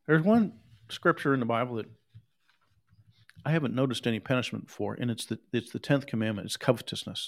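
A man's voice: mid-range voice, a little fast, creaky. A male preacher delivers a sermon with a mid-range voice. He talks in a casual, conversational tone, but he hammers his points home by repeating himself. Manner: emphatic, repetitive, conversational.

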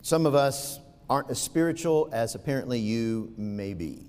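A man preaching a sermon, firing rhetorical questions at the congregation and swinging from quiet asides to loud, fervent peaks. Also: mid-range voice, lively intonation, moderate pace, big-room sound, a little hiss or hum.

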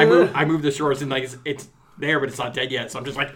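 A middle-aged man from Texas telling stories in a casual chat, swearing freely and getting loud as the anecdote builds. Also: mid-range voice, fast talker, a crowd in the background. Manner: animated storyteller, swears a lot, gets loud in anecdotes. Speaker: podcast co-host.

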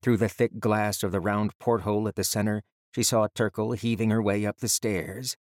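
A deep-voiced man narrating a fantasy audiobook in a measured, even storytelling manner. The recording is dry and close, with no room sound. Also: no room sound.

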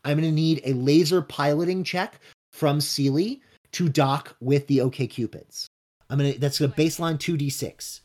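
A man running a tabletop role-playing game, narrating scenes and calling rolls in a brisk, matter-of-fact way. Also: on the high side, darkish tone. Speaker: game master.

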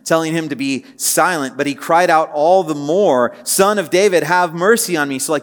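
A man preaching a casual teaching sermon, talking conversationally with many fillers and building to emphatic, repeated phrases. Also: a little high. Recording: long hall reverb.

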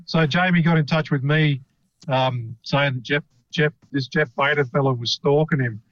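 A man's voice: on the high side, fairly even intonation, normal speed, fairly bright tone, dry recording, dull audio. An Australian man chatting casually as a podcast host, rambling with lots of fillers and the odd swear word. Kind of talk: casual chat.

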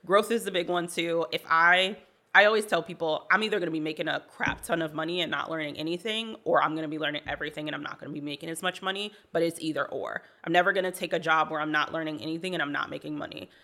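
A low-pitched woman with a gravelly, bright edge to her voice, co-hosting a podcast. She talks in a blunt, casual way and acts out the people in her stories. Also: fast talker. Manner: blunt, animated storyteller who acts out dialogue. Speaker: podcast co-host. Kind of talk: casual chat.

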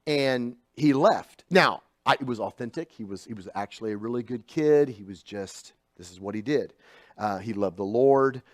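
A middle-aged man preaching a sermon in a conversational storytelling way, dropping to hushed asides and rising to loud, emphatic bursts. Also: mid-range voice, animated, normal speed, no room sound, clean studio sound.

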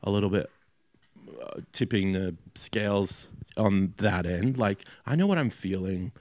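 A man's voice: on the low side, a little slow, a little mellow. A man preaching a sermon as a pastor in a loose, conversational way, with many fillers and restarts.

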